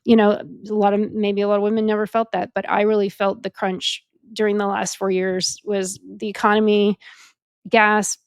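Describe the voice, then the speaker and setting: A woman's voice: medium pitch, level tone, normal speed, clear, resonant tone, dry recording, clean studio sound. A woman in her forties from Canada, a real estate agent giving frank, exasperated commentary full of fillers and the odd swear word. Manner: frank and exasperated, swears freely, heavy on "like" and "you know". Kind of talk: casual political commentary.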